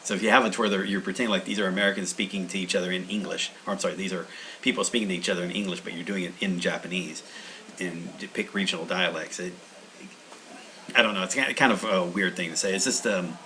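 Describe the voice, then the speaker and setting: A man's voice: sits low, steady tone, quick pace, sharp tone, slight background noise, low-quality recording. A man hosting a language-learning channel, talking in a meandering, casual monologue full of restarts.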